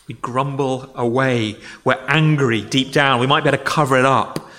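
A man with a mid-range, sharp-toned voice preaches a sermon to children and adults, speaking a little fast in a big, echoing room. He keeps it conversational, explaining with examples and acting out grumbling quotes.

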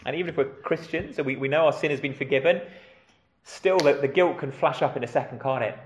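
Guy giving a sermon, slightly high voice, chatty, asks the kids stuff, roomy echo. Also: fast, slight background noise. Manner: addresses children with questions; conversational, with frequent restarts and rhetorical questions. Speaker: preacher.

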